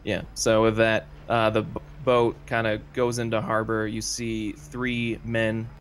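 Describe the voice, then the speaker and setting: A man's voice: lowish voice, completely flat delivery, measured pace, slight background noise. A man narrating as game master of a tabletop role-playing game, loose and full of fillers.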